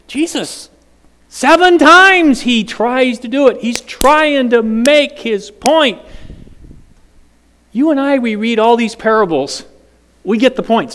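A man's voice: extremely high pitch, fairly bright tone, big-room sound. A man preaching a sermon, dramatic and questioning the congregation directly. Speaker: pastor.

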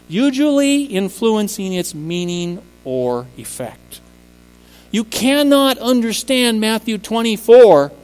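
A man's voice: sits high, smooth, long reverb tail, rough recording. A man preaching a sermon, speaking emphatically and rising to impassioned peaks on key words. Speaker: preacher and teacher.

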